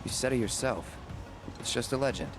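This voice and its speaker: A man's voice: mid-range voice, lively intonation, brisk, over music, natural voice. A stoic young male swordsman from a video game, played by a man, clipped and matter-of-fact. He keeps his delivery level and to the point. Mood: dismissive.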